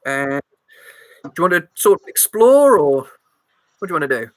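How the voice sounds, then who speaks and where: A woman's voice: deep voice, sing-song, moderate pace, no echo. A woman running a tabletop game as game master, narrating scenes with playful description and small slips.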